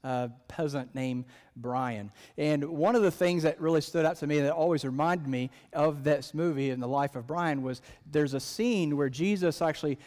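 Brief: male pastor, casual sermon delivery, slightly high voice, long-reverb sanctuary. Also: normal speed, a little mellow. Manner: conversational, joking asides.

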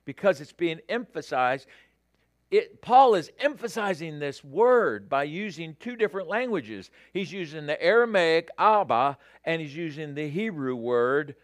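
A man delivers a sermon at an unhurried pace, his voice rising and falling with lively expression. He speaks straight to his listeners and builds to emphatic peaks. The sound is dry and close. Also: on the high side, no room sound. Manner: animated, rising to emphatic peaks, addresses audience directly. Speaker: preacher.

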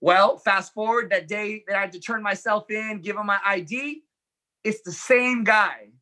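Recounting his life in conversation as an interview guest, a man speaks at normal speed in a high-sitting, bright, forceful voice. He is earnest and lively, voicing the dialogue from the events he describes.

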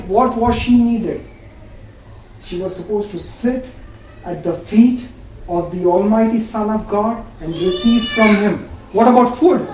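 A man delivers an emphatic sermon, pressing his listeners with repeated questions in a fairly high voice. He is picked up from a distance in a strongly echoing room, with faint ambient noise behind him. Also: mellow. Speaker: preacher.

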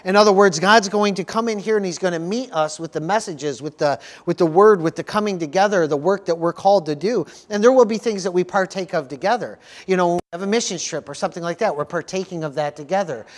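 A man's voice: high voice, quick pace, few pauses. Earnest preaching male pastor. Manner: earnest preaching, frequent call-outs for "amen", repeats words. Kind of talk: sermon. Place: church service.

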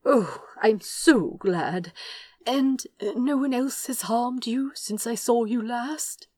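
A woman voicing a fretful, gentle young male prince who fusses anxiously with breathy exclamations. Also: a little high, slow pace, dry recording, voice pushed up.

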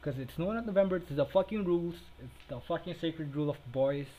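Young male podcast co-host, foul-mouthed and giggly, voice sits a touch high. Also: a little fast, mellow, slight background noise, poor audio. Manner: profane, joking, self-deprecating, laughs often. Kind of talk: casual crude chat. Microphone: remote call, cutting in and out.

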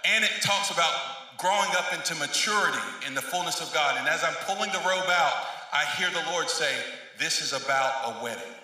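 High bright preacher in an echoing hall. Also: male voice, brisk. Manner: storytelling, rising to emphatic shouted peaks. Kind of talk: sermon. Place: large echoey church hall. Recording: echoey hall from far off.

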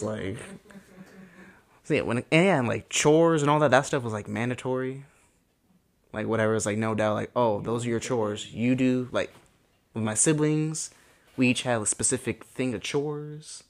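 A man's voice: medium pitch, gravelly. A man in his twenties, a podcast co-host chatting casually and rambling, filling his talk with "like". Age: 20s. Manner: rambling, fills speech with "like". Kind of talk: casual chat.

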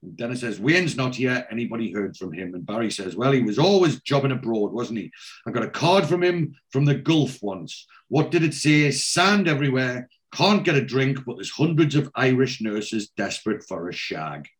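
A man's voice: medium pitch, animated, moderate pace. A man hosting a casual podcast, retelling a TV episode scene by scene. He slips into the characters' lines without much change of voice and fills the gaps with ums and restarts. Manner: reads out character lines in a plain retelling voice, many fillers. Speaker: podcast host recapping a TV episode.

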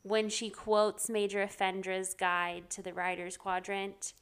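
Woman podcast co-host, casual chat, lots of "like", mid-pitched voice. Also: flat delivery, measured pace, fairly bright tone, smooth. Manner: chatty, fills speech with "like", laughs often.

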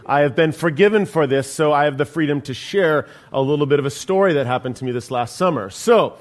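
A man's voice: fairly high pitch, brisk. A man from California, a pastor, telling a personal story in a sermon with humor and acted-out voices. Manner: animated storyteller, acts out voices, self-deprecating humor.

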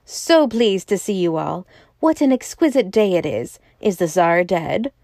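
A woman reading the lines of a huge, genial, riddling male president in a smooth, playful, mocking manner. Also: lowish voice, animated, measured pace, darkish tone, no room sound, clean studio sound.

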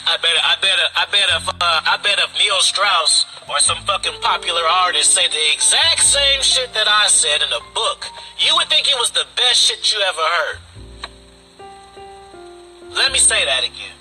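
A man hosts a casual live-stream podcast monologue in a high-pitched, pushed, bright voice, in a rough recording. He is boastful and swaggering, speaking in profane street slang.

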